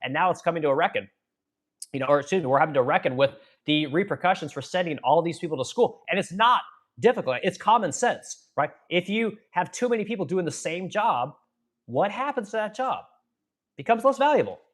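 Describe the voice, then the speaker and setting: Fast-talking, profane livestream ranter. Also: male voice, high-pitched, expressive. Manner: blunt and profane, rambling with frequent asides to viewers. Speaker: live-stream host reading viewer comments. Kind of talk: casual political rant on a live stream.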